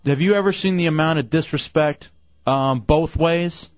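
Calm male radio show host. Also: fairly high pitch, normal speed, dry recording, highs cut off. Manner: calm, refereeing an argument. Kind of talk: live radio talk show banter.

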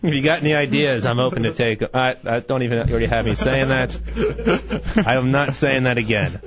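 A young male co-host talking in a relaxed, halting way and pushing back on the others. The audio is dull and lo-fi, like a radio broadcast. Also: mid-range voice, a crowd in the background. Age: 20s. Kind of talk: casual call-in talk radio banter.

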